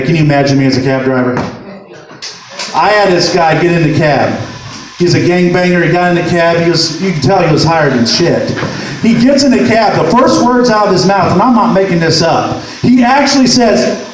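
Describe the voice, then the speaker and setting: A man doing stand-up, telling profane true-life stories in an animated way and rising to shouted punchlines. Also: high voice, normal speed, slight background noise. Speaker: stand-up comedian. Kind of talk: stand-up storytelling. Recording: echoey room, mic from far off.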